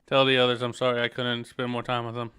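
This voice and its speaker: A man's voice: mid-range voice, fast, smooth, natural voice. A man reading aloud, in his own plain voice, the lines of a young male soldier saying goodbye to his mother, speaking the ellipses as words. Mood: earnest. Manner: reads game text aloud flatly, saying the ellipses as words. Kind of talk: reading game dialogue aloud on stream.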